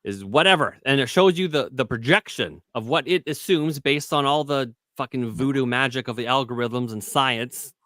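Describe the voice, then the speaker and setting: A man chatting casually as a guest on a live stream about making online content. He rambles, restarts often, and acts out other voices with sudden high jumps in pitch. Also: normal speed, hardly any pauses, pushed and bright, no room sound.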